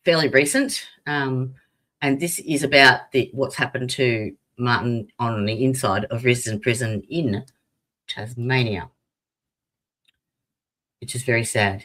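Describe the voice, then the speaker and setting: A woman's voice: rumbling low, fairly bright tone. A woman hosting a podcast, giving blunt, sweary, offhand commentary over clips. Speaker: podcast host.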